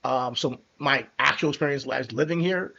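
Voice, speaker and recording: A man from New Jersey hosting a casual podcast chat, talking in a relaxed, conversational way. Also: medium pitch, normal speed, vocal fry. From New Jersey, USA. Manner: relaxed, conversational, some restarts. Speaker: podcast host. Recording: slightly dull lo-fi audio.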